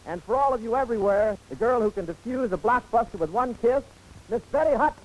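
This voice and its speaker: A man hosting a 1940s radio variety show before a live audience, with brisk wisecracking emcee patter. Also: very high-pitched, lively intonation, heavy background noise.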